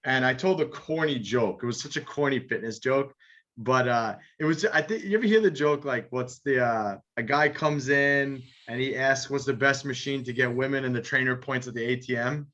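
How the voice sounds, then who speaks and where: A man chatting casually on a podcast, telling a quick anecdote with plenty of fillers. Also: mid-range voice, a bit bright, dull audio.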